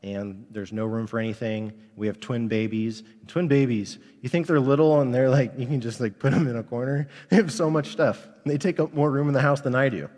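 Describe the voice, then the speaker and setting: A man in his thirties preaching in a church, at a moderate, ordinary pitch. He talks in a candid, conversational way. A long reverb hangs on his words in the sanctuary. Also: darkish tone. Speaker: pastor. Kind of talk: sermon.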